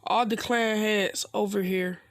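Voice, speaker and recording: Firm ninja teacher, read by a man, gravelly tone, dry. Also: high voice, steady tone, unhurried, a bit bright, dry recording.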